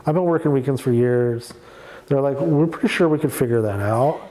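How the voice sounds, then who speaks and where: A man from Oregon talks through his story in an oral history interview with a warm, mellow tone. His delivery is casual and rambling, full of fillers and restarts. He keeps acting out quoted conversations as he goes. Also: mid-range voice, brisk, rough recording. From Oregon, USA. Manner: candid, rambling, quotes people in dialogue.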